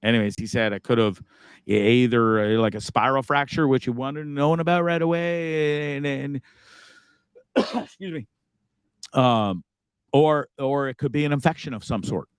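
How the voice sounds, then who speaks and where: A man's voice: medium pitch, normal speed, pauses often, clear, resonant tone, no room sound. A man hosting a live show, talking casually with a profane, rambling manner. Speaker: host.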